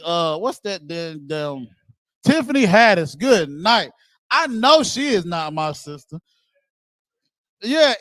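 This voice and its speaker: Man, blunt casual preacher, high voice, dry close sound. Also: no room sound. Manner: animated, blunt, swears casually, laughs and shouts at times. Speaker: speaker on a religious group's show.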